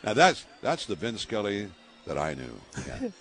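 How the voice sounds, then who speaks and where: An older Bay Area baseball broadcaster, his voice on the low side and his pace moderate, shares lively anecdotes in an interview. There's lots of laughter along the way, and his speech is packed with fillers.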